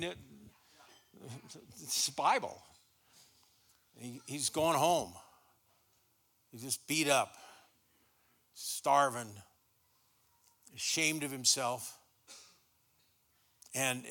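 A man's voice: medium pitch, takes it slowly, long pauses, pushed and bright. A middle-aged man preaching a sermon in a church, folksy and stumbling over repeated words as he starts his sentences. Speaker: guest pastor.

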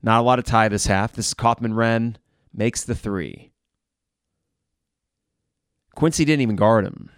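A man hosting a live game reaction podcast, blunt and frustrated, who swears and flares into shouting. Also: lowish voice, a little slow, long pauses, clear, resonant tone, no room sound, studio quality.

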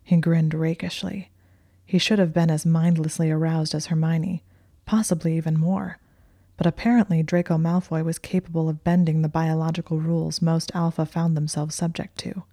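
A woman tells a story in a slow, hushed whisper, her low, dark voice remaining flat and even the whole way. The recording is close and dry, with no echo.

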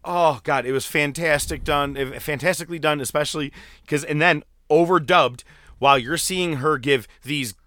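A man's voice: a little high, moderate pace, no echo. A man co-hosting a casual wrestling podcast, talking animatedly with plenty of swearing. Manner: animated, profane, swings loud and quiet. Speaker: podcast co-host. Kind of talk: casual chat.

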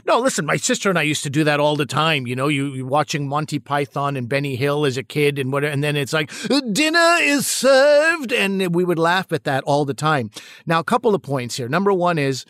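A man's voice: a little high, fast, a bit bright, dry recording, clean studio sound. A middle-aged man co-hosting a casual discussion, talking earnestly and animatedly, often repeating words as he gathers his thoughts. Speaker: podcast co-host and actor-comedian.

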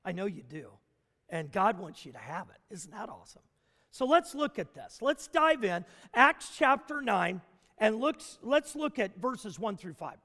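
A man preaching a sermon, emphatic, with dramatic pauses. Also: high voice, very animated, pushed and bright. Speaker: pastor. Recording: long hall reverb.

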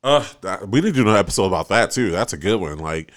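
A man's voice: deep voice, animated, fast. A man hosting a podcast in a studio, chatting casually, agreeable and swearing freely. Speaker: podcast host. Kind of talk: casual chat.

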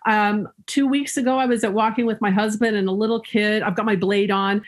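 A woman's voice: medium pitch, fairly even intonation, brisk. A woman guest in an interview, telling personal stories in an upbeat, humorous way and often laughing. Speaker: guest speaker. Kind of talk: storytelling in an interview.

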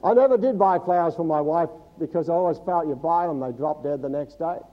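Here the pastor's voice is fairly high and brisk, captured on a muffled recording with a slight hiss or hum. He teaches the congregation from Scripture during the service, tossing in questions and jokes.

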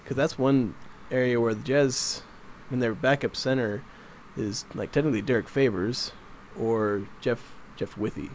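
Regular-pitched guy rambling about sports, kinda exasperated, little bit of noise behind. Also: steady tone, normal speed, few pauses, a little mellow. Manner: chatty, mildly exasperated, rambling. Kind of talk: casual sports chat.

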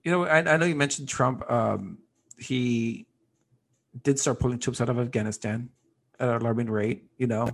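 A man co-hosting a podcast in casual political chat, throwing in deadpan jokes. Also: medium pitch, normal speed, creaky. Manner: joking, deadpan wisecracks. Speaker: podcast co-host.

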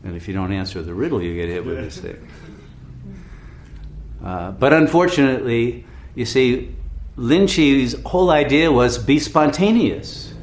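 A man giving a relaxed, rambling storytelling talk as a spiritual teacher, chuckling often. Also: medium pitch, a little slow. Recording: echoey room with faint background hum.

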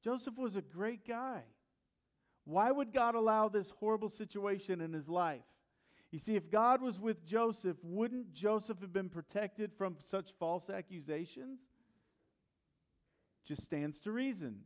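A man's voice: sits high, lively intonation, a little slow. A male pastor preaching a sermon, retelling a story and asking the congregation questions.

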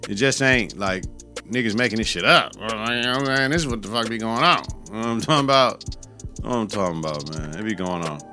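Male podcast host, casual profane sports talk, mid pitch, faint music underneath. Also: pushed and bright. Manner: loose, profane, slangy, conversational.

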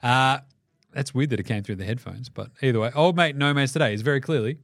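An Australian man hosting a casual sports podcast, swearing freely and telling animated stories. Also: mid-range voice, fast talker, vocal fry, dry recording, studio quality. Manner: swearing, laughing, animated storytelling. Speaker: podcast host.

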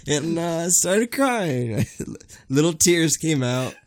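A man's voice: a little high, animated, slow pace. A young man co-hosting a casual podcast, telling a story in a laid-back way and laughing through his words. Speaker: podcast co-host. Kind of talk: casual chat.

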